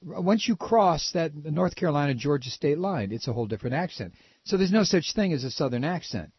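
Older husky nasal man from Ohio. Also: on the high side, expressive, no echo. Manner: halting, with frequent repeated restarts. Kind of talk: casual opinion talk. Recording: dull lo-fi recording.

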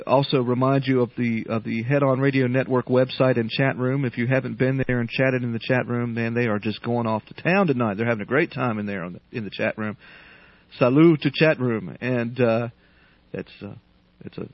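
A man's voice: mid-range voice, normal speed, dry recording. Male call-in radio host, easygoing and rambling, dry, dull lo-fi broadcast sound. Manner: relaxed, chatty, punning, many restarts. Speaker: radio talk show host.

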